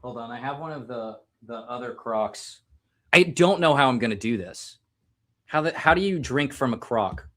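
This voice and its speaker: A man's voice: mid-range voice, animated, normal speed, pushed and bright. An American man hosting a live stream, chatting casually and joking while drinking, rambling and self-mocking.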